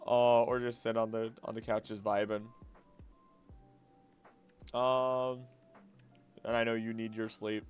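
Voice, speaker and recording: A man's voice: lowish voice, little pitch movement, slow pace, pauses often, clean tone, soft background music. A young man streaming late at night, chatting casually and thinking aloud, often restarting his sentences and drifting off topic. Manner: rambling, easily distracted, musing aloud with many restarts.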